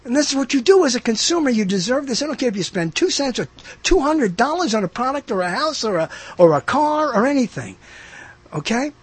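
Brief: joking male podcast host, husky tone, animated delivery, loose rambling chat. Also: very high-pitched, a little fast, no room sound. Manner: rambling, jokey, mock-announcer bits. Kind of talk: casual comedic chat.

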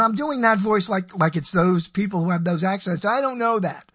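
Rambling older man with a husky voice. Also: high-pitched, lively intonation, a little fast, few pauses, fairly bright tone, no room sound. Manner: digressive, self-interrupting, wry. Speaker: radio personality. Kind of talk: rambling radio monologue.

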